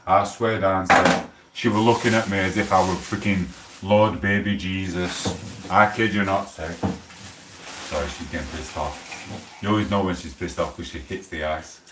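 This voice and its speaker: Tipsy man, deep voice. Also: steady tone, normal speed, background noise. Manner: chatty, rambling, loud banter. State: a bit drunk. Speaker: livestream host. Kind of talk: casual rambling livestream chat. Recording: roomy echo, distant from mic.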